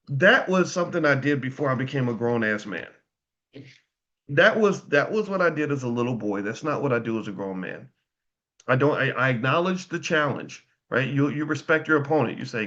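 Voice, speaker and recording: A man's voice: a little high, very animated, brisk, a bit bright, dull audio. A man hosting a casual motivational commentary, speaking emphatically, often restarting his words and firing rhetorical questions at his listeners. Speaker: host.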